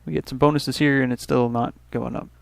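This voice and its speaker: A man from Canada talks through his strategy game at a middling pitch, wandering between remarks and correcting himself mid-sentence. The sound is dry and close, with no room around the voice. He keeps up a relaxed stream of gameplay commentary. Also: fairly quick, creaky, dry recording. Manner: rambling, thinking aloud with restarts and small asides. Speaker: let's play host.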